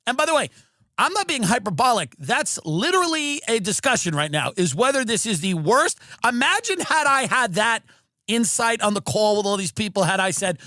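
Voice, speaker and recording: A man ranting through a comedic monologue, animated, mimicking agents and fans in mocking voices. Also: high voice, moderate pace, no echo, studio quality. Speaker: comedian and podcast host. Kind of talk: comedic rant.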